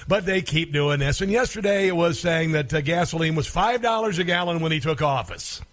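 A man's voice: a little high, fairly quick, a bit bright. A man hosting a political talk radio show, delivering a sarcastic, combative monologue with mocking asides.

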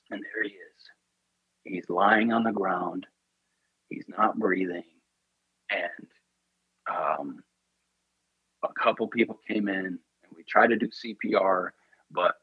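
A man's voice: fairly low pitch, breathy edge, no echo, dull audio. A man earnestly telling a personal story in an interview, emotional and full of "you know" and "like".

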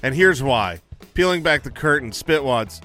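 A man's voice: mid-range voice, moderate pace, soft background music. A man co-hosting a comedy podcast, telling an anecdote animatedly and laughing as he goes. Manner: animated storyteller, laughs mid-sentence. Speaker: podcast co-host. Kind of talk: casual comedic storytelling.

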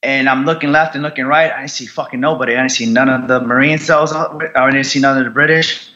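American man, veteran podcast guest, blunt profane storytelling, halting restarts, bright edgy tone, slightly muffled sound. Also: mid-range voice, steady tone. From United States. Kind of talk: candid storytelling interview.

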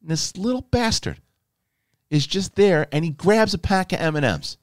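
A man hosting a podcast, telling a story in a casual, animated, emphatic way and swearing freely. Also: sits high, moderate pace, no room sound, studio quality. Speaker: podcast host.

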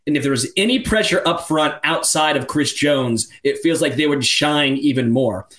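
A man co-hosting a sports podcast, talking in an animated, emphatic way. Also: fairly high pitch, normal speed. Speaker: podcast co-host. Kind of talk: casual sports podcast chat. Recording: roomy echo.

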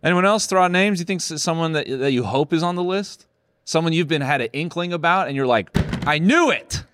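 A man's voice: fairly high pitch, quick pace, fairly bright tone, smooth, no room sound, clean studio sound. A man hosting a comedic podcast, rambling sarcastically and laughing often between jokes. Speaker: podcast host. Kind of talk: casual comedic podcast chat.

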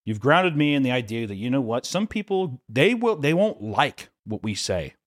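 A man's voice: mid-range voice, very animated, normal speed, no echo, clean studio sound. A young man co-hosting a podcast in casual, sarcastic banter, often repeating his words as he talks over a remote call. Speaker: podcast co-host. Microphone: remote call mic.

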